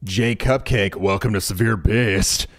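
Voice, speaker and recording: A man's voice: fairly low pitch, a little slow. A man co-hosting a live stream who reads out viewer messages with a dry, laid-back delivery. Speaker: co-host reading viewer messages. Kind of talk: casual live-stream chat.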